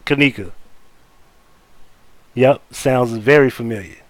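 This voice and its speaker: A man's voice: mid-range voice, takes it slowly, no room sound. A man hosting a live stream, giving blunt, profane, casual commentary and talking straight to his chat. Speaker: livestream host.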